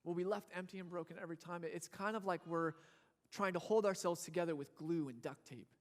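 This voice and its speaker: High-voiced young male preacher, joking. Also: fairly quick. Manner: casual and joking, acts out voices of people and babies. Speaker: pastor. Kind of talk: sermon. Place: church.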